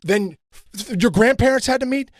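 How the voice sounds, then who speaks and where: A middle-aged man from Pittsburgh, a former ballplayer turned coach, telling animated stories with lots of fillers in a casual interview. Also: very high voice, moderate pace, no room sound, studio quality. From Pittsburgh, United States. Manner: animated storytelling, many fillers. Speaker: guest, former baseball player and coach.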